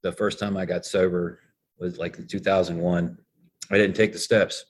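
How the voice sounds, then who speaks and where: A middle-aged man reflectively sharing his recovery story, halting and repeating himself as he goes. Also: deep voice, level tone, slight background noise. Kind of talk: candid storytelling.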